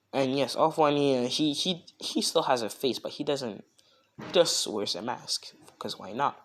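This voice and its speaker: A man's voice: mid-range voice, animated, normal speed. A young man casually making up a fan story, rambling and filling gaps with "you know.".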